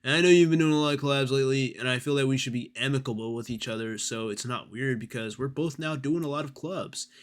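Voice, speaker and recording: A man's voice: mid-range voice, fast talker, hardly any pauses, close to an everyday voice. A man mimicking a young male streamer, reading out a needy, earnest apology in a slightly raised voice. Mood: pleading. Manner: earnest, pleading read-aloud.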